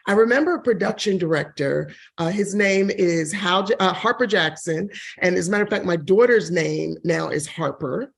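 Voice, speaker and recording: Gravelly-voiced woman telling her career story. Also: normal speed. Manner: expressive, laughs often, shifts pitch when quoting others. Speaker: guest, real estate broker and TV host. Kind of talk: interview answer, personal story.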